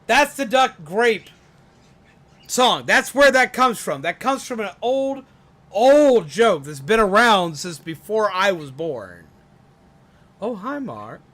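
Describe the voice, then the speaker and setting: A man streaming a game, telling a joke in a casual, animated way that swings from loud to mumbled. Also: sits high, slow pace, long pauses.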